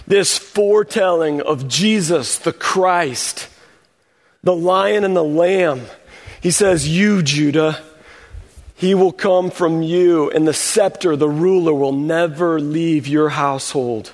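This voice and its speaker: A man's voice: a little high, slow pace, big-room sound. A man preaching a sermon in a conversational way, acting out short quoted voices of the people in his story. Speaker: pastor.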